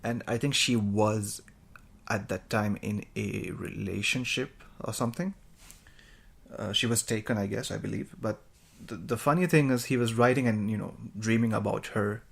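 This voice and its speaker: A man's voice: on the low side, moderate pace, gravelly, slightly rough. A man hosting his podcast alone, talking in a rambling, chatty way and joking about himself. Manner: rambling, chatty, self-mocking. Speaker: podcast host. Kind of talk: casual podcast monologue.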